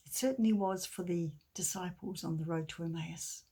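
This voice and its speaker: A middle-aged woman giving a gentle sermon with a children's story, often dropping to a soft near-whisper. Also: lowish voice, normal speed, breathy edge. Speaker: church speaker.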